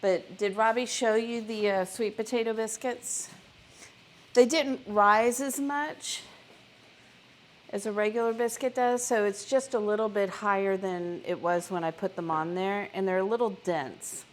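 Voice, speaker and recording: Cooking live from her home kitchen, a woman talks a little slowly in a steady, medium-pitched voice. She's chatty with her viewers and self-deprecating, poking fun at herself as she goes.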